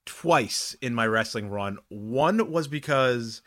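A man co-hosting a sports talk show, explaining his views in a measured, conversational way. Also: mid-range voice, lively intonation, a bit bright. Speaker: sports talk radio co-host.

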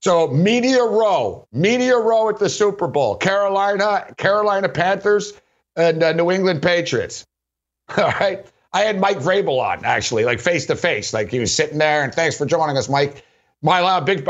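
Male sports radio host, a bit high-pitched, loose and laughing anecdotes, muffled lo-fi recording. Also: expressive, moderate pace. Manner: rambling, laughing often, heavy use of "like". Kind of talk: casual anecdotal storytelling. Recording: dull lo-fi recording.

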